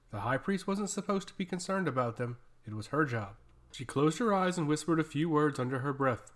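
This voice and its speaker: A man narrating a fantasy story in a steady, even storytelling way. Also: fairly high pitch. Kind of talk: scripted fantasy audiobook narration.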